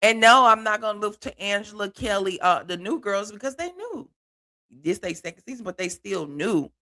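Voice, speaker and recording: A man hosting a live stream, talking to viewers in a casual, animated way about reality TV clips. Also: high-pitched, brisk. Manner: animated, laughing, talks to viewers as "y'all". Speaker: host reacting to reality TV clips.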